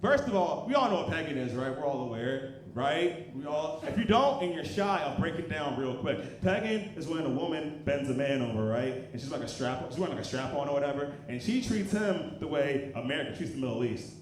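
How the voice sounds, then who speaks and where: A man in his thirties performing a profane, animated stand-up comedy set on a club stage. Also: on the high side, a little fast, hardly any pauses, a little hiss or hum. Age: 30s. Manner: animated, profane, loud punchlines. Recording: roomy live club recording with crowd. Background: audience laughter.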